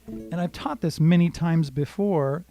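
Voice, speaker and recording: A man's voice: fairly high pitch, measured pace, warm tone. An older man giving a casual, rambling guitar lesson on a live stream. He greets viewers by name and talks them through strumming patterns. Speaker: guitar teacher.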